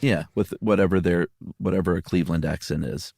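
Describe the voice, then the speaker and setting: Male co-host, low voice, wry joking delivery, dry close mic. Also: fairly quick, gravelly, a little mellow, husky, dry recording. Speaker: podcast co-host. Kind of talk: casual chat.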